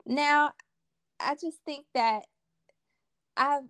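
A woman's voice: sits high, fairly even intonation, drawn-out words, fairly bright tone, no echo. A woman hosting a podcast conversation, talking earnestly and repeating her key points for emphasis. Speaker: podcast host.

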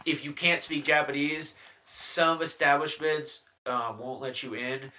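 A young man, a guest comedian, telling animated, laughing anecdotes in a casual podcast chat, holding the mic close to his mouth. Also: on the high side, unhurried. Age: young adult. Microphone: handheld mic held close to mouth.

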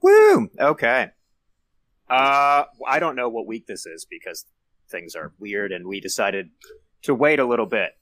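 Playful male podcast host with a lively, up-and-down voice, casual and joking. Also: lowish voice, moderate pace.

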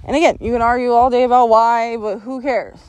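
A woman's voice: on the high side, fairly even intonation, brisk, darkish tone, no echo. A woman vlogger ranting bluntly to her viewers, swearing constantly and laughing often mid-sentence in a confrontational, lecturing way. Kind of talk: blunt profane rant to camera. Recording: noticeable background noise.

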